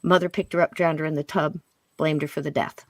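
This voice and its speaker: A woman telling a spirit story as a guest medium on a paranormal interview show, acting out what she and others said and dropping into a hush at times. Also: low voice, a little fast, no room sound. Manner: animated, quotes spirits and herself in hushed voice.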